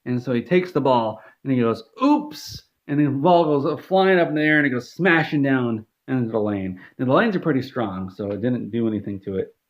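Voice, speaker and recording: A man in deadpan comedic storytelling, rambling with restarts. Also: mid-range voice, a little fast, hardly any pauses, muffled recording.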